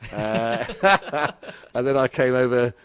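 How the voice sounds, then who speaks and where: A man's voice: medium pitch, takes it slowly, fairly bright tone. A middle-aged man from England, telling rambling anecdotes with frequent chuckles as a podcast guest in casual chat. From southeast England.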